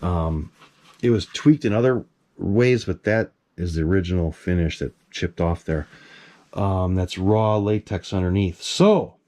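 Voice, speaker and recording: A middle-aged man, a collector, telling a long story about his masks in casual, excitable talk. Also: low-pitched, a little slow. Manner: animated, excitable, swears casually.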